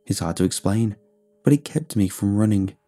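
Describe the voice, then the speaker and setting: Mellow, husky male storyteller. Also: on the low side, animated, moderate pace, soft background music. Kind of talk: scripted narration of a first-person story.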